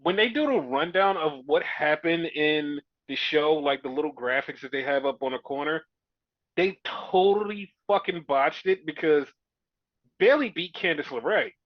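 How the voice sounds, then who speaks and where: A man's voice: a little high, normal speed, no room sound. A man casually recapping a show in rambling, profane chat and acting out what people said. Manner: rambling, profane, acts out quotes. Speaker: podcast co-host. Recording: dull lo-fi dry sound.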